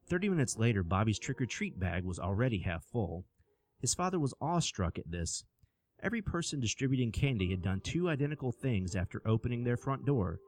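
A man narrating a scripted horror story with an expressive storytelling delivery. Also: fairly low pitch.

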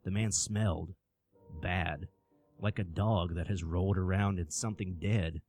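A man narrating a scripted horror story with an expressive storytelling delivery. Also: sits low, unhurried, faint music behind.

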